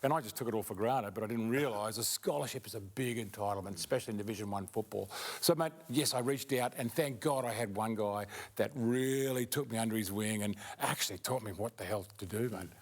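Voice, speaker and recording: A man's voice: on the low side, fairly quick, hardly any pauses. A middle-aged-to-older Australian man, a guest on a sports panel, talking bluntly and heartily, often stopping and starting over mid-sentence. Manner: blunt, matey, repeats words and starts over. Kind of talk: casual panel chat.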